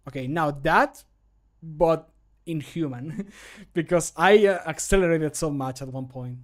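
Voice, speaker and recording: A man's voice: a little high, measured pace. A man streaming, chatting casually and critiquing his own recordings, often laughing, into a studio microphone. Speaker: streamer and modder.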